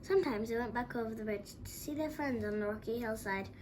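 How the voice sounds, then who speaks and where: Expressive woman reading a storybook. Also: on the high side, quick pace, noisy background. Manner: expressive, dramatic.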